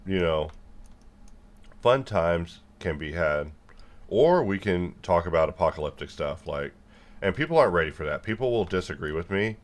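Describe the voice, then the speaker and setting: A young man in a rambling monologue to his viewers, jumping between jokes and animated rants. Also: low voice. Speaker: software developer and video creator. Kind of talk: rambling stream-of-consciousness monologue.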